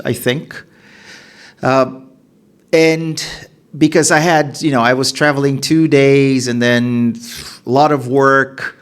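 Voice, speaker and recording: A man records himself on a headset, chatting casually and poking fun at his own slips. He speaks slowly and unhurriedly. His pitch swings widely up and down as he talks. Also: a bit bright. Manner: self-deprecating, laughs at his own mistakes. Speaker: podcast host practicing Mandarin. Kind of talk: casual self-recorded practice session.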